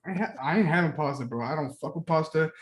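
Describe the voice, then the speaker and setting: A young man co-hosting a casual podcast, telling stories with plenty of swearing and animated energy. His voice sits a little high for a man. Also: quick pace, a little hiss or hum. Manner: profane, animated storytelling. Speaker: podcast co-host. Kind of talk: casual chat.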